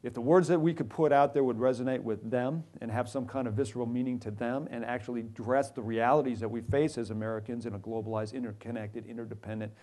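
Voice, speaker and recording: A man's voice: medium pitch, fast, few pauses. A middle-aged man from Minnesota, a retired military officer telling wry, joking stories at a university talk. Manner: wry, joking anecdotes with animated quoted asides. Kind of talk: storytelling public talk. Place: university lounge event.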